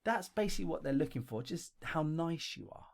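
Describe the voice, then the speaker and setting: Man, London accent, middle-aged, chatty blunt advice to camera, slightly high voice. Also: lively intonation, brisk, vocal fry. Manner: chatty, blunt, tags lines with "okay?". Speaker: online English teaching coach. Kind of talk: direct-to-camera advice video. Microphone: webcam or camera facing him.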